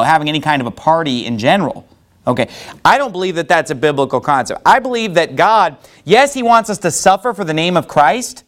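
A man preaching a sermon in church, firing rhetorical questions at the congregation. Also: a little high. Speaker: pastor.

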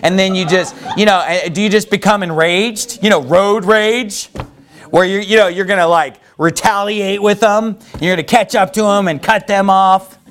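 High-voiced rambling preacher man. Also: fairly even intonation, moderate pace, a bit bright. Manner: rambling, folksy, heavy with "you know" and restarts. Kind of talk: conversational sermon.

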